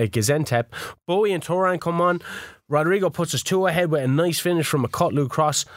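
A man's voice: fairly high pitch, a bit bright, no echo, clean studio sound. A man co-hosting a casual podcast, recounting his video-game matches with plenty of swearing. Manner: swears freely, storytelling match recaps. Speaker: podcast co-host. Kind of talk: casual chat.

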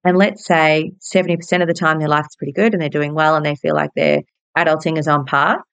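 An Australian woman in her forties talks through her own stories, bubbly and frank, dropping the odd swear word. Her voice sits fairly low, and the recording is close and dry. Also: animated, fast, a bit bright, clear, resonant tone, dry recording. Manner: bubbly and candid, swears casually. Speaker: podcast host and hairdresser. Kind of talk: personal storytelling monologue.

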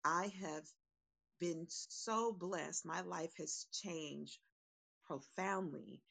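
A woman's voice: on the low side, very slow, creaky, a bit bright. A woman calling into a live audio room from Kansas, speaking in a heartfelt and emphatic way. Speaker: caller.

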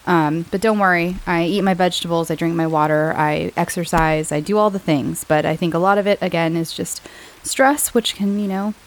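Podcast host, woman, lowish voice, slightly hoarse from a cold, rambling and chatty with easy laughs. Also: poor audio. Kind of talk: casual chat to listeners.

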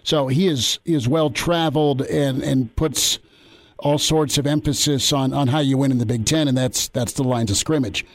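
A man's voice: mid-range voice, normal speed. A man hosting a sports radio show, asking long, rambling questions and repeating words as he builds them.

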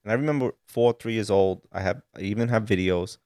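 Brief: low-voiced Sicilian-born man, podcast guest, lively and indignant storyteller, dry close mic. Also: fairly quick, no echo. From Sicily, Italy. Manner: animated storytelling, rising to indignant emphasis. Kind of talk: casual chat. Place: podcast studio.

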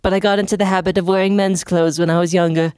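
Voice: medium pitch, level tone, quick pace, a little mellow, clean tone, voice pushed up, natural voice. A podcaster voicing a fussy, self-important headmistress witch while reading fan fiction aloud. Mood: prim.

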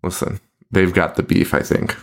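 A man co-hosting a podcast in casual chat about a movie, swearing often and laughing a lot. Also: normal speed. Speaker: podcast co-host.

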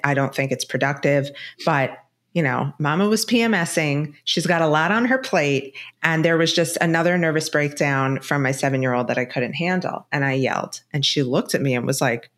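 A woman in her thirties with a low-pitched voice chats as a podcast guest. She is animated and tells stories, with plenty of "like" and "you know" fillers. The talk is casual and open. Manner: animated storyteller, filler-heavy. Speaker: guest, divorce specialist and author.

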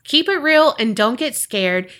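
A woman co-hosting a podcast, chatting casually and reading a listener's story aloud with expressive delivery. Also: a little high, unhurried. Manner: animated, expressive storytelling with lively reactions. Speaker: podcast co-host.

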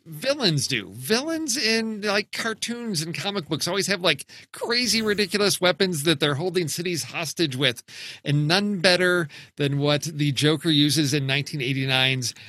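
A man's voice: a little high, lively intonation, moderate pace, sharp tone, no room sound. A man co-hosting a casual movie podcast, chatty and affirming, with many hesitant fillers. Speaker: podcast co-host.

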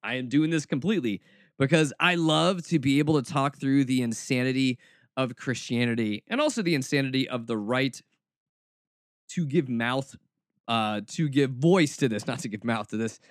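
A man's voice: mid-range voice, normal speed, no echo, studio quality. A man hosting a podcast, talking in a sarcastic, snarky and mock-dramatic way in casual commentary. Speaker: podcast host.

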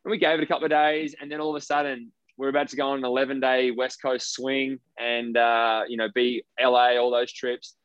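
An Australian man speaks at an ordinary middle pitch, blunt and emphatic, dropping swear words without a second thought. The sound is dry and a little dull, like a lo-fi recording with no room around it. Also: flat delivery, fairly quick, hardly any pauses, fairly bright tone, clear, resonant tone, dry recording. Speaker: professional basketball player guest. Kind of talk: casual interview storytelling.

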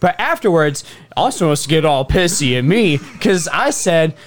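A man's voice: a little high, big pitch swings, normal speed. A young man on a podcast telling a comic story as a rant, swearing often and laughing in exasperation. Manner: profane, exasperated, laughing ranter. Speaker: podcast co-host.

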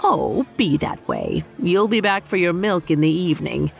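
A woman voicing a weathered, sarcastic innkeeper of a certain age in an audio story, talking in a deadpan, teasing way. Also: medium pitch, takes it slowly, vocal fry, soft background music, pitched above the performer's own voice, heavily acted. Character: weathered middle-aged female innkeeper, dry and sarcastic.

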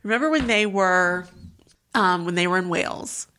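A woman co-hosting a podcast, chatting about celebrity gossip in a playful, expressive way. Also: fairly low pitch, moderate pace, slight background noise. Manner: expressive, playful, laughs often. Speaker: podcast co-host. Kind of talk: casual celebrity gossip chat.

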